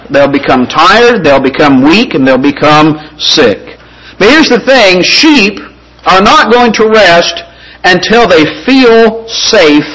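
A male pastor preaching a sermon in an earnest, conversational way, slowing down and softening on scripture and key points. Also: fairly high pitch, rough recording.

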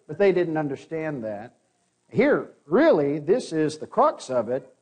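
A man with a notably high voice delivers a sermon. He works through scripture passage by passage and reads the verses aloud in an earnest, explanatory way. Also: a little mellow. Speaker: preacher.

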